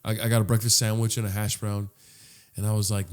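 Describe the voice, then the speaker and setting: A man co-hosting a casual podcast chat, laid-back, who drops into low mumbled asides when telling stories. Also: little pitch movement, quick pace. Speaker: podcast co-host.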